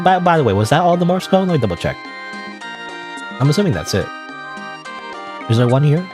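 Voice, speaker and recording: Chatty male streamer, lively rambling delivery, chuckles at himself, faint game music underneath. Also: lowish voice. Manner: rambling, self-deprecating, chuckling. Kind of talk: game playthrough commentary.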